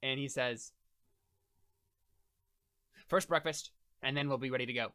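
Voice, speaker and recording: A man's voice: medium pitch, fairly even intonation, unhurried, bright, forceful tone, clean tone. A man narrating as game master of a tabletop role-playing game, rambling with lots of fillers and restarts.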